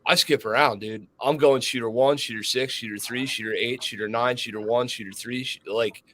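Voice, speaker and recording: Dude on a shooting podcast cussing his way through a story, average pitch, acts out other people's voices. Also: fairly quick. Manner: profane, animated storytelling with acted-out voices. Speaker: podcast co-host, firearms instructor. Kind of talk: casual chat.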